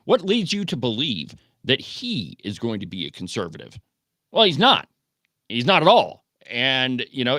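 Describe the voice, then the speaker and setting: A man in the host's chair of a political call-in radio show, arguing his points with emphatic rhetorical questions. His pitch rises and falls in lively swings. He is close to a studio microphone in a dry, dead room. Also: no echo. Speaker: political talk radio host. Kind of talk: opinionated call-in radio commentary.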